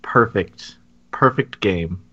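An opinionated, joking man co-hosts a casual gaming podcast chat. His voice is bright, and the recording sounds a little dull and lo-fi. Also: fairly low pitch, takes it slowly. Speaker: podcast co-host.

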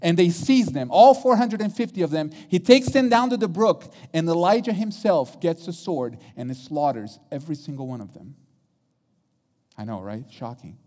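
A man's voice: on the high side, expressive, moderate pace, darkish tone, long reverb tail. A man preaching a sermon, retelling a story dramatically and acting out the quotes.

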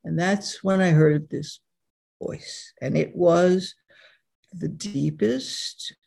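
Gravelly, husky woman telling a story. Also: fairly low pitch, extremely slow, darkish tone. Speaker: interview guest, radio personality and writer. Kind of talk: personal storytelling in an interview.

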